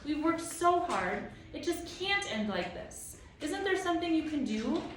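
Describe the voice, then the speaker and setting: A woman's voice: high voice, sing-song, unhurried, noisy background, voice pushed up. A woman reading as a tearful young girl. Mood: pleading. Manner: pleading. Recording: echoey room, mic far off.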